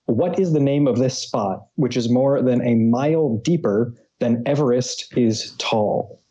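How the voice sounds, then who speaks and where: A man's voice: medium pitch, measured pace, warm tone, breathy edge. A man hosting a trivia podcast, reading quiz questions with playful jokey asides. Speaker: quiz host.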